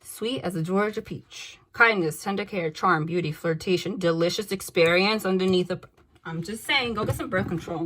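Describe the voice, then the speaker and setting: A woman doing a casual tarot reading, blunt and animated, swearing freely and laughing between cards. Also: on the low side, normal speed, slight background noise. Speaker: tarot reader.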